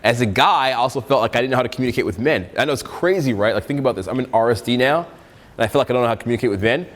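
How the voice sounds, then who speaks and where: A young man giving a live seminar on dating and self-improvement to an audience, animated and direct, acting out quotes in funny voices. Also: mid-range voice, racing. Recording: hall reverb from a seminar room.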